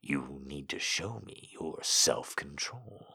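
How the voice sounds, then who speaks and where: A man voicing a cold, commanding man in a hushed murmur. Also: rumbling low, expressive, slow, vocal fry, breathy edge, pitched below the performer's own voice, full character voice. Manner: stern and commanding. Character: cold, domineering grown man. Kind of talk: audio story reading.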